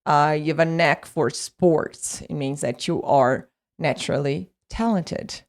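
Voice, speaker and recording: A woman explains English words. She talks slowly and patiently, spelling out letters and repeating each word. Her voice sits a little low for a woman. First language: Portuguese. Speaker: English teacher. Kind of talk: explaining vocabulary in a lesson.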